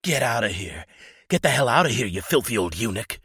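A man's voice: on the low side, very animated, measured pace, fairly bright tone, breathy edge, no room sound, clean studio sound, voice pushed up, heavily acted. A man reading an audiobook voices a demon speaking through a possessed young man, screaming and contemptuous. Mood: screaming rage.

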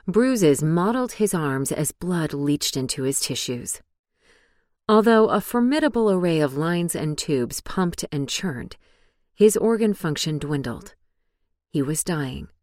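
Low-voiced woman reading an audiobook. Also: no room sound, studio quality. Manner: calm, measured reading. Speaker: audiobook narrator. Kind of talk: scripted audiobook narration. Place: studio booth.

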